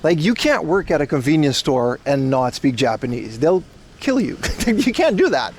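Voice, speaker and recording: A man's voice: a little high, big pitch swings, normal speed, a little hiss or hum. Chatty Dutch man streaming outdoors. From Netherlands. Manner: rambling, loose, laughs often, talks to chat. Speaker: livestream host. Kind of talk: casual livestream chat while walking.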